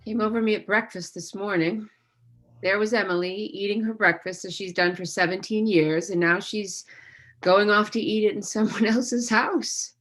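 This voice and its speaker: A woman's voice: mid-range voice, a bit bright. A woman reading the part of a wistful middle-aged mother of the bride in a staged play reading over a video call. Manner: wistful, confiding, rueful.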